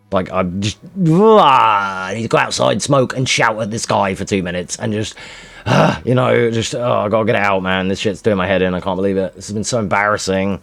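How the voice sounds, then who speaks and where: A man's voice: fairly low pitch, moderate pace, gravelly, no room sound, soft background music. Swearing, frustrated man streaming a game. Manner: swears constantly, mutters and shouts at the game. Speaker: speedrunner streaming. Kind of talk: frustrated live game commentary.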